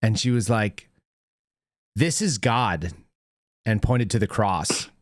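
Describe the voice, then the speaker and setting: Casting: male call-in host, thirties, lively storyteller, dry close mic. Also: slow, no echo. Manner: animated storyteller, laughs a lot, pitch jumps when excited. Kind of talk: casual call-in chat.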